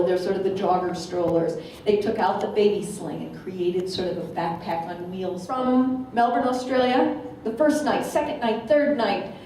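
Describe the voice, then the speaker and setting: A woman's voice: medium pitch, a little hiss or hum. American woman telling a story in an echoey hall. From Minnesota, USA. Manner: lively and humorous, acts out quotes. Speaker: guest speaker. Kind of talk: storytelling speech. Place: meeting hall. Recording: echoey hall, distant mic.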